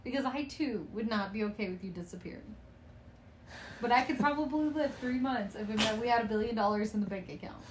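A woman's voice: fairly high pitch, brisk, echoey room, noisy background. A young woman co-hosting a casual podcast with her partner, playful and teasing, laughing often as she talks. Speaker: podcast co-host. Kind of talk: casual couple's podcast chat.

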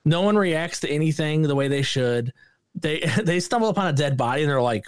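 A man's voice: on the high side, animated, a little fast, clear, resonant tone, dry recording, clean studio sound. A man co-hosting a podcast, casually reviewing a movie with sarcastic remarks and silly impressions of its characters. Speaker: podcast co-host.

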